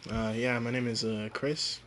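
A man's voice: medium pitch, level tone, moderate pace, fairly bright tone, slight background noise. A young man co-hosting a casual podcast, laid-back and teasing, chuckling often. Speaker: podcast co-host. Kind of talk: casual chat.

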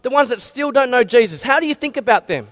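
A man's voice: extremely high pitch, expressive, fast talker, fairly bright tone. A man, preaching an earnest, direct sermon. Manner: earnest, direct, rallying exhortations. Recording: long hall reverb.

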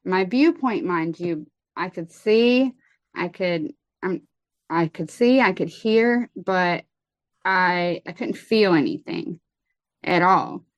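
Low-voiced woman, halting testimony, dull lo-fi sound. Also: dry recording. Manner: halting, many fillers and restarts. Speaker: guest telling her story. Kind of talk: personal testimony in an interview.

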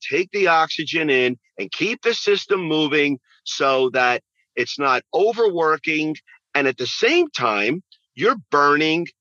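A man's voice: medium pitch, bright, forceful tone, dry recording, lo-fi sound. A man who works as a fitness trainer, answering interview questions in an emphatic way and repeating phrases for stress.

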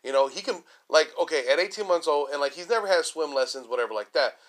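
A man's voice: fairly high pitch, animated, fast talker, a bit bright. Rambling, foul-mouthed man ranting. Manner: rambling, swears constantly, heavy fillers like "you know". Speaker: comedy podcast host. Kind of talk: casual profane rant. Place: lives in a large Texas city.

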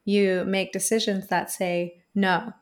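An earnest woman talks at length as an interview guest, in a voice of middling pitch. She builds her points through repeated phrases and a steady, flowing delivery. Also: unhurried. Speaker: voice coach guest. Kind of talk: reflective interview answer.

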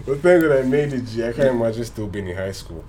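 A man's voice: mid-range voice, animated, fast, a crowd in the background. A young man from Nigeria, co-hosting a podcast in casual, joking chat full of profanity. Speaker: podcast co-host.

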